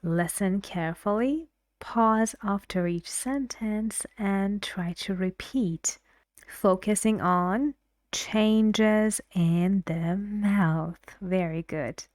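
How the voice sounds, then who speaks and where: A woman teaching English pronunciation in an online lesson, explaining slowly and encouragingly, at times dropping to a half-whisper. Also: medium pitch, darkish tone, dry recording, studio quality.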